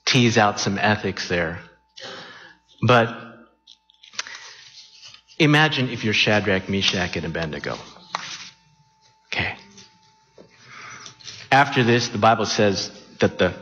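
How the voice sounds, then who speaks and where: A man preaching an animated sermon, acting out the story with sudden shouts. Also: on the low side, slow, pauses often. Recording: muffled sound in a reverberant hall.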